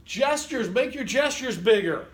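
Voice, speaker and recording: A man's voice: extremely high pitch, lively intonation, measured pace. A man teaching a college class in a casual, conversational lecture, often checking in with "okay?" and acting out what listeners might be thinking. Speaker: college instructor.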